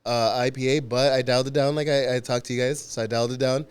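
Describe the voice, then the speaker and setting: Fast-talking, profane storyteller man. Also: mid-range voice, clean tone. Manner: profane, animated anecdotes with quoted dialogue; frequent laughter and restarts. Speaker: podcast guest, union warehouse worker. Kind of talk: casual storytelling chat.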